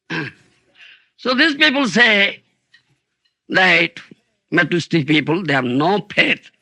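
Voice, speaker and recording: An older man delivers a sermon slowly, with a high, swooping voice. His voice is bright and gravelly, with a husky edge. It is an old lecture tape, and he sometimes drifts away from the mic. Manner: rhetorical, asks "isn't it?" and "huh?" often; acts out dialogues with raised voice. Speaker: spiritual teacher giving a lecture.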